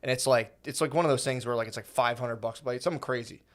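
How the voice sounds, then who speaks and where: A man's voice: mid-range voice, fast talker. A man co-hosting a podcast in casual chat, rambling with lots of fillers, swearing and quoting people in mock voices. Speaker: podcast co-host.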